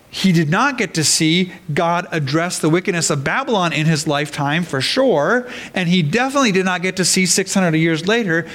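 A man's voice: high voice, a bit bright. A man preaching an earnest sermon as pastor, often restarting words as he explains a scripture passage.

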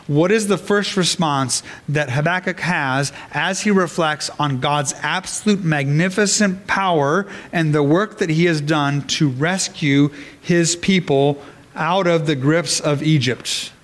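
A man's voice: a little high, unhurried. A man preaching an earnest sermon as pastor, often restarting words as he explains a scripture passage.

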